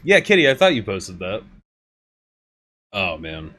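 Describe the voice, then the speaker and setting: Deep-voiced and very animated, a man streams a game at an unhurried pace, casually commenting and frequently joking and laughing with his viewers. Game music plays loudly in the background.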